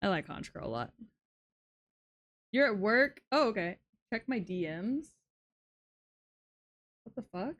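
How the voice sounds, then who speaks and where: A woman's voice: medium pitch, lively intonation, slow pace, long pauses, dull audio. A young woman streaming live, chatting casually with her audience, swearing often and shrieking when thrilled. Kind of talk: casual livestream chat.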